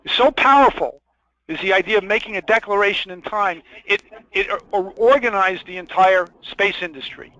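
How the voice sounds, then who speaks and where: A man's voice: high voice, normal speed, sharp tone, no echo. A man presenting a sales training webinar, stressing and repeating his key points and asking the audience rhetorical questions. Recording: dull lo-fi dry webinar audio.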